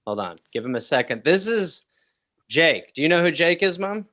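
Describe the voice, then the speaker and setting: A man's voice: fairly high pitch, very animated, normal speed, sharp tone. Teasing comedic podcast host man. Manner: teasing, playful. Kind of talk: casual comedic chat.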